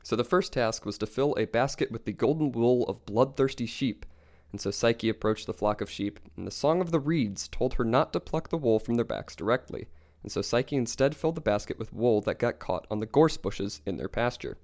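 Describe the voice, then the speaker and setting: A young man co-hosting a podcast, calmly retelling myths in a casual storytelling style. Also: mid-range voice, fairly quick. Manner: calm, even retelling of myths. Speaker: podcast co-host.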